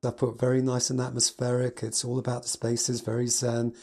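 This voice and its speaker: A man's voice: mid-range voice, completely flat delivery, a little fast. A man, a piano teacher, giving a casual spoken review from his notes, enthusiastic and gushing with adjectives.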